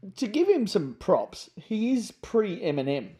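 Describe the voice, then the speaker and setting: A mellow-voiced man co-hosting a comedy podcast, teasing and laughing easily. His pitch moves a lot, rising for jokes and sinking into quiet mumbled asides. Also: very animated, a little slow. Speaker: podcast co-host. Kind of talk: joking casual chat.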